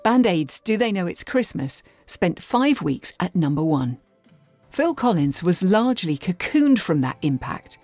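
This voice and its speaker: An English woman presenting and narrating a documentary in a lively storytelling style. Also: fairly low pitch, unhurried, dry recording. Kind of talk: scripted narration. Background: faint music.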